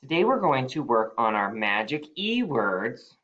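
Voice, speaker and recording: A male teacher giving a phonics spelling lesson, slowly stretching out the sounds of each word. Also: mid-range voice, very animated, muffled recording.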